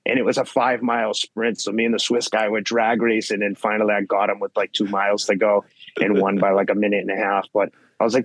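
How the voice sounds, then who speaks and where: A man's voice: on the low side, fast talker, no room sound. A man guest on a podcast, telling race stories in a blunt, intense way, swearing freely. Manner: blunt, profane, intense, animated retelling. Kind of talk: casual storytelling interview.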